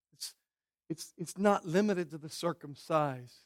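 A man preaching a sermon, moving from quiet pleading to loud, emphatic declarations. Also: on the high side, measured pace, no echo, clean studio sound.

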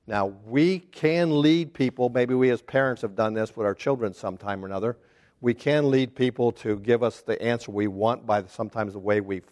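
A man teaching a casual Bible study class, talking haltingly with restarts and putting questions to the group. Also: medium pitch, a little mellow. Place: church classroom.

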